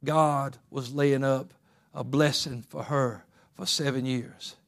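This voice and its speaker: A man preaching a sermon, moving between quiet, close talk and loud, fervent exhortation. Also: mid-range voice, fairly even intonation, slow pace, gravelly.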